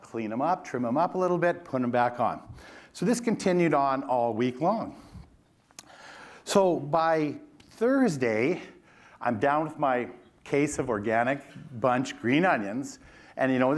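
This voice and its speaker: Animated man telling a story on stage. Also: mid-range voice. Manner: animated, self-deprecating storyteller who mimics his boss. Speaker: keynote speaker. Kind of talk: conference keynote with storytelling. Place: conference stage before an audience.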